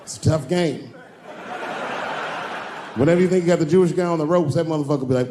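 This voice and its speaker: A man doing a stand-up routine in a punchy manner, rising to loud outbursts. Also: fairly high pitch, brisk, pauses often, a little hiss or hum. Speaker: stand-up comedian.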